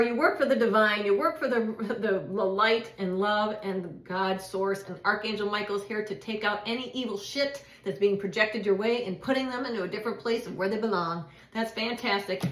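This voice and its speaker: A woman's voice: mid-range voice, fairly bright tone, reverberant. A woman doing a casual tarot reading, chatty and repeating herself, with laughs and swearing. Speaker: tarot reader.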